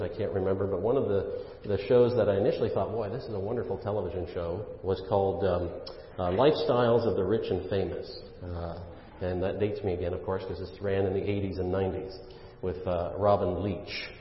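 A man preaching a sermon in a relaxed, conversational way, with fillers and asides, rising for emphasis on key phrases. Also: low-pitched. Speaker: pastor. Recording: roomy hall reverb, dull lo-fi sound.

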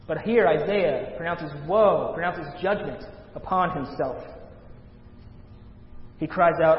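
A male pastor preaching a sermon, rising loud on scripture readings and dropping to a hush at the ends of points. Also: measured pace, a little hiss or hum. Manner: dramatic swells of volume on scripture, hushed low endings. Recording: echoey hall, dull lo-fi sound.

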